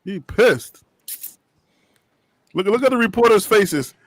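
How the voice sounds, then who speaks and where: A man hosting a live sports reaction stream, animated and joking as he talks. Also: high-pitched, slow pace, no room sound, clean studio sound. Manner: animated, joking, repeats himself.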